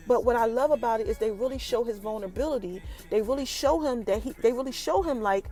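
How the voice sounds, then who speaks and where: A woman hosting a podcast, recapping a TV episode in a lively, chatty way and talking straight to her listeners. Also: on the high side, quick pace, hardly any pauses. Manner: animated, chatty, addresses listeners directly. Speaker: podcast host.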